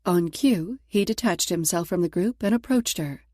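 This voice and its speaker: A woman narrates a romance audiobook in a steady, even delivery. Her voice is mellow and warm, recorded close and dry with no room sound. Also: on the low side, moderate pace, no room sound. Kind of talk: scripted narration.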